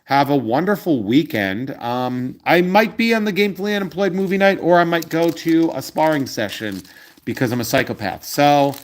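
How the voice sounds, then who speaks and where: A man's voice: on the high side, moderate pace. A man in his forties hosting a card collecting channel, chatting casually to viewers in a rambling way, with many ums and uhs. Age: 40s.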